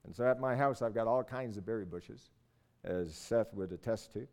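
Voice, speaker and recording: A man's voice: lowish voice, normal speed, darkish tone, big-room sound. An older man from Newfoundland preaching a sermon, telling the Bible story in an earnest, storytelling way and voicing its figures with rising force.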